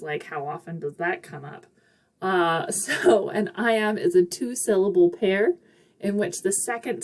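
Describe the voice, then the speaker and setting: A woman's voice: on the low side, darkish tone. A woman teaching a recorded literature lecture in a chatty, upbeat way, with casual asides and frequent fillers. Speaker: literature instructor.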